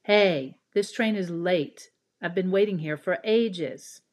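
A woman voicing an impatient male commuter in a slow, clearly spoken English lesson dialogue, loud and indignant. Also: fairly low pitch. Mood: annoyed. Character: impatient male commuter waiting for a late train.

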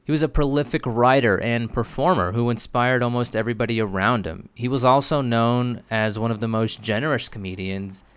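A man giving scripted narration for a video essay in a measured, explanatory way. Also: mid-range voice, a bit bright, smooth, no echo.

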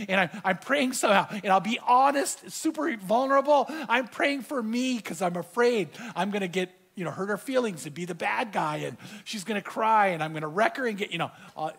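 A middle-aged male pastor delivers a sermon in a fairly high voice. He tells a personal story and acts out the quoted dialogue with animated energy.

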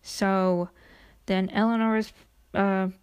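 A woman's voice: medium pitch, fairly even intonation, very slow, darkish tone, clear, resonant tone. A young woman casually recapping a TV episode, chatty and gushing, with lots of "like" fillers. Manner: chatty, gushing, heavy use of "like". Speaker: show recapper.

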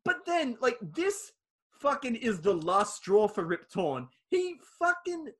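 A man's voice: very high-pitched, wildly swooping pitch, slow pace. A man, casually recapping a film on a podcast, swearing freely and acting out quoted lines. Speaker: podcast co-host.

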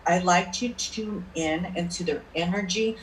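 A woman's voice: on the low side, a little slow, crowd noise. A woman working as a spirit medium, telling stories in a chatty way in a casual interview. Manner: chatty anecdotal storyteller, checks in with "okay?". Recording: roomy, distant mic, faint noise.

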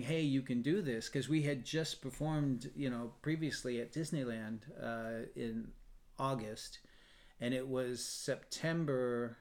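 A man, a choir founder, telling a story in a casual podcast interview and bringing the people he quotes to life. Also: mid-range voice. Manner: animated storyteller, quotes others in lively voices.

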